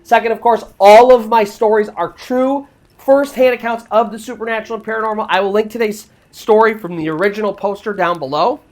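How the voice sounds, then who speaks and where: A woman retelling a spooky true story the way she'd tell a friend. Her pitch is mid-range and she speaks loosely, with lots of "like" and "you know". She sounds like a channel host sharing a tale. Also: fairly quick, a little mellow. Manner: chatty retelling with frequent "like" fillers. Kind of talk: casual narration of a true paranormal story.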